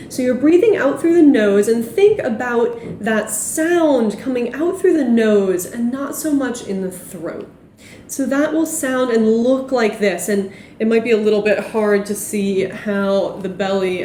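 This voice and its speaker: A young woman teaching a yoga class, gently cueing breath and movement. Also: mid-range voice, roomy sound, slight background noise. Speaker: yoga instructor. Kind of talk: guided yoga class instruction.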